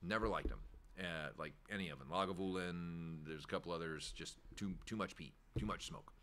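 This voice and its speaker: Casual male host, lowish and bright-toned, rambling and candid, swears freely. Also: a little fast. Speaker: shop owner hosting a weekly chat show. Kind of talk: casual chat.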